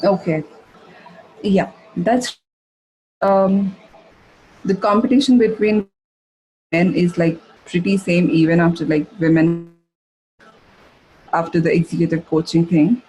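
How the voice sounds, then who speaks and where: A woman giving a masterclass, answering audience questions in a halting way, with many fillers and restarts. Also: fairly low pitch, steady tone, mellow, slight background noise, rough recording. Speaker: masterclass speaker. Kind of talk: live webinar Q&A answers.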